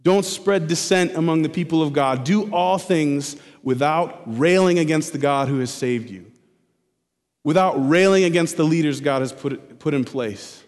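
A male pastor preaching an expository sermon, repeating key phrases slowly for emphasis. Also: fairly high pitch, a little mellow. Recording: preaching in a hall with long reverb.

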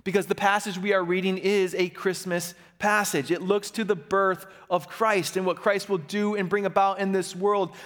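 Man, pastor, sermon delivery, fairly high voice, lively and engaging, church with long reverb. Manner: animated, calls for audience response. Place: church sanctuary.

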